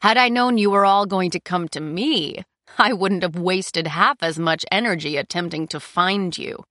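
A cold, scornful sorceress drawls every word with silken contempt, voiced by a woman. Her tone sits low and slow. The sound is dry and close, with no room around it. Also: fairly bright tone, no room sound, close to an everyday voice. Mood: mocking. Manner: slow, sneering, drawn-out.

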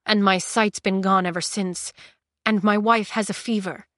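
A woman's voice: medium pitch, steady tone, normal speed, a bit bright, dry recording, clean studio sound, natural voice. A woman voicing a blind young traveler who pleads urgently for help for himself and his wife. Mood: pleading.

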